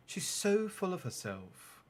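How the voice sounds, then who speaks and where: A man voicing an earnest, bookish teenage girl in a storybook reading, with a soft, worried manner. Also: fairly high pitch, big pitch swings, unhurried, voice pushed up. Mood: sympathetic.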